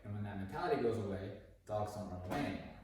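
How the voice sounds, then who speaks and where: A man working as a dog trainer, explaining his methods casually during a session and breaking into high, excited praise for the dog. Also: racing, distant mic, slight background noise. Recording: echoey room, voice from off the mic.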